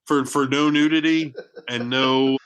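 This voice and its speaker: A man's voice: mid-range voice, steady tone, a little slow, fairly bright tone, clear, resonant tone, no room sound. A man co-hosting a film podcast, telling stories in a loose, rambling way, full of "like" and restarts. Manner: chatty storyteller, many "like"s and restarts. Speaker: podcast co-host. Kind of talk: casual film discussion.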